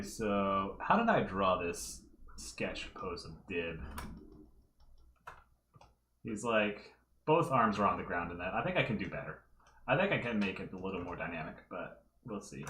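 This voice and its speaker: Low-voiced man thinking aloud while drawing. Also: fairly bright tone, echoey room, a little hiss or hum. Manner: talks through his work step by step, thinking aloud. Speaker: livestreaming fan artist. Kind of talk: casual livestream commentary while drawing. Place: room at home.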